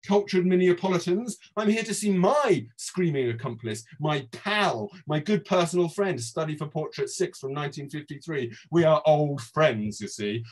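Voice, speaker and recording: An English author giving a theatrical reading of his own prose, swinging between loud outbursts and quiet murmurs. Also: a little high, lively intonation, normal speed, few pauses. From England.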